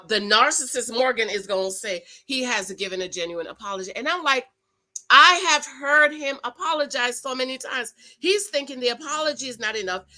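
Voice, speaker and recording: A woman's voice: high-pitched, sharp tone, rough recording. A middle-aged woman, chatting casually as a show recap host, emphatic and preachy, talking straight to her viewers. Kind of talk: casual chat.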